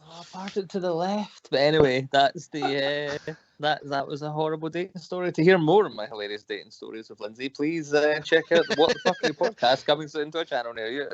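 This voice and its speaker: A man telling a dating story on a casual stream, animated and laughing often. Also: a little high, fast talker, hardly any pauses, slight background noise. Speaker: co-host. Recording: dry, slightly muffled mic.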